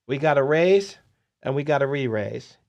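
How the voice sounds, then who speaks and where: A man hosting a podcast, telling poker-dealing stories in an excitable, animated way. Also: medium pitch, normal speed, gravelly, dull audio. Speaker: podcast host and poker dealer. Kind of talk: casual storytelling interview.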